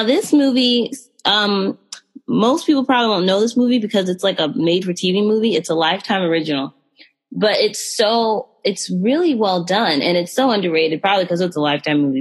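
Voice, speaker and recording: A woman hosting a podcast, chatting casually and animatedly about films, with frequent fillers and direct asides to listeners. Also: medium pitch. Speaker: podcast host reviewing films. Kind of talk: casual chat.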